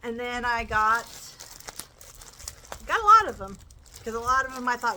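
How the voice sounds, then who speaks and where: A woman's voice: fairly high pitch, brisk, sharp tone, a little hiss or hum, poor audio. A woman chatting enthusiastically as she shows off her crochet purchases. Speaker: crochet vlogger. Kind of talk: casual show-and-tell chat.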